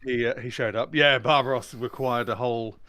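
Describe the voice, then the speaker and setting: A man's voice: mid-range voice, fairly even intonation, a little fast, pushed and bright, no echo. A man as a guest in a casual gaming chat, rambling and stumbling over repeated words. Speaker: guest player.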